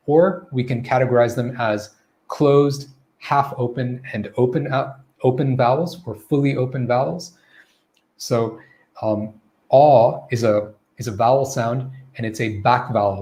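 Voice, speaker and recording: During a live online Q&A lesson, a man teaches pronunciation, demonstrating vowel sounds and often checking in with "okay?" and "right?". His voice is medium-pitched and slightly mellow.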